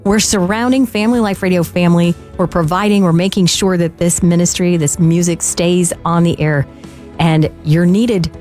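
A woman co-hosting a fundraising radio show, warm and enthusiastic as she reads donor stories. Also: fairly low pitch, steady tone, normal speed, faint music behind. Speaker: radio co-host.

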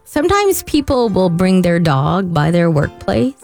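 A woman co-hosting a radio show, telling stories in an excitable, laughing way over a studio mic. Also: fairly low pitch, a little slow, faint music behind. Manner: excitable, animated storyteller who laughs often. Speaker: radio co-host. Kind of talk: casual morning radio banter.

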